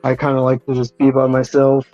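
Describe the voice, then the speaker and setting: Mellow laid-back man. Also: medium pitch, completely flat delivery, a little fast, dry recording. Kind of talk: casual chat. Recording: dull, dry recording with faint music.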